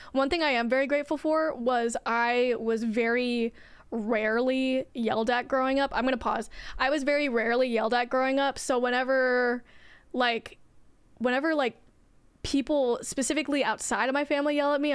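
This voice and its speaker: Talking to her chat during a game stream, a young woman rambles casually and swears often. Her voice sits on the high side with a steady tone and moderate pace, sounding clear and resonant with no echo.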